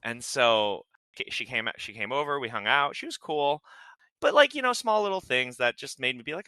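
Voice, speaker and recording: Bright, rambling man on a podcast. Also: mid-range voice, lively intonation, normal speed, clear, resonant tone, no echo. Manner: rambling, laughing, many fillers. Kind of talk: casual chat.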